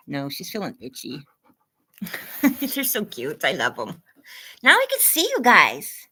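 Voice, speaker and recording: A woman's voice: fairly low pitch, wildly swooping pitch, slow, long pauses, sharp tone, husky. A woman hosting a casual livestream, greeting viewers by name and cooing at her dogs in a bubbly way. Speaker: livestream host.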